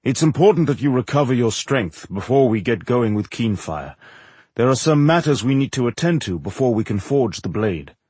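A man voicing an ancient, kindly undead dwarf king who speaks calmly and reassuringly. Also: medium pitch, moderate pace, slightly rough, no echo. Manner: calm, reassuring.

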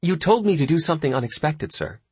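A man's voice: on the low side, expressive, moderate pace, fairly bright tone, breathy edge, no echo. A man voicing a bold woman starship captain who talks sweetly and teasingly.

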